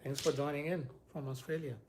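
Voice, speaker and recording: A man's voice: on the high side, fairly even intonation, fairly quick, a little mellow, slight background noise. A man chatting casually and at length with viewers on a live stream from home, as a parent. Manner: rambling, chatty, talks straight to viewers.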